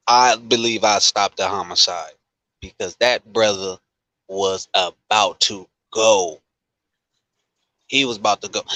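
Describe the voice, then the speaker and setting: A man's voice: on the low side, no room sound, poor audio. A man from Long Beach telling stories in casual chat, emphatic and repeating himself for weight. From Long Beach, California. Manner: animated, emphatic repetition.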